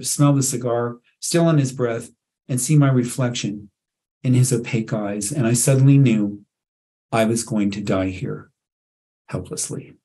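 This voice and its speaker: A man, an author, reading his own literary fiction aloud at an online writers' event in a measured, dramatic storytelling manner. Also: medium pitch, darkish tone.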